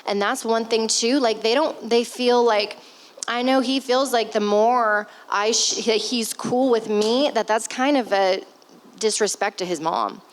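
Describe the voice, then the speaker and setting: A woman in her thirties appears as a stepmother guest on a family podcast, speaking in an unhurried, rather high voice captured on poor audio. Her candid conversational talk is emotional and teary, punctuated by sighs and an occasional curse.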